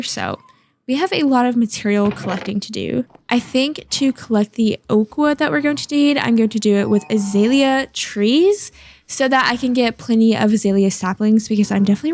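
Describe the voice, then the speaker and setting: A woman with a fairly high voice narrates her own gameplay in a loose, chatty way. She thinks out loud and reacts to what she finds as she goes. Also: slight background noise. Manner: chatty, thinks aloud, squeals excitedly at cute finds. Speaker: gaming video host. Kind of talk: casual gameplay commentary.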